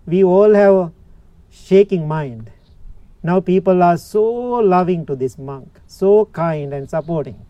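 A man giving a Buddhist dharma talk, telling a story in simple, slow phrases and often asking his listeners questions. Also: high voice, warm tone, no room sound, lo-fi sound. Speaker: Buddhist teacher.

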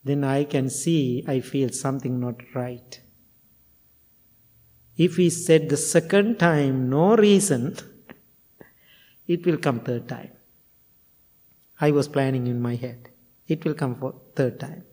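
A man's voice: mid-range voice, dark tone. A male Buddhist monk giving a dharma talk, telling stories in non-native phrasing and chuckling often. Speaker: Buddhist monk and meditation teacher. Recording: long hall reverb.

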